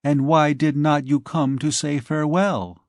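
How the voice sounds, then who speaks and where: A man's voice: a little high, steady tone, a little slow, dry recording. A man voicing a tender, reproachful young noblewoman in an audiobook, with coaxing, pleading questions. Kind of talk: audiobook character voice.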